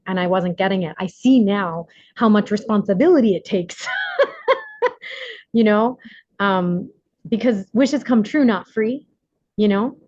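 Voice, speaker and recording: A workshop leader runs a casual recovery session over a video call, chatting away, laughing often and using plenty of fillers. Her voice is medium in pitch and a little mellow, recorded dry, though the video call audio is slightly muffled.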